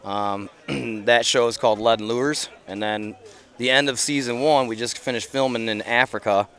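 A man's voice: medium pitch, fairly even intonation, normal speed, a bit bright. Earnest rambling man outdoors. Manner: earnest, rambling, many fillers. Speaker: podcast guest. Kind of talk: casual interview chat. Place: outdoors at an event.

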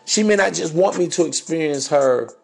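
A man's voice: on the high side, moderate pace, vocal fry, breathy edge. A man hosting a podcast, giving crude, swaggering dating advice in a preachy monologue. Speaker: podcast host.

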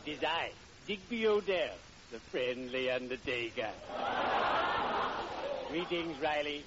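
An actor playing a cheerful, unctuous undertaker in an old radio comedy, formal and full of puns. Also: male voice, a little high, animated, takes it slowly. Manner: unctuous, punning, grandly formal. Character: oily cheerful undertaker, middle-aged man. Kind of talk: 1940s radio acting. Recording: dull hissy old radio broadcast.

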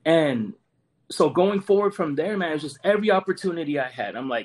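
A man's voice: a little high, lively intonation, fairly quick, a little mellow. A man in his forties, a Marine veteran guest, earnestly telling a personal story and often repeating words as he goes. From United States.

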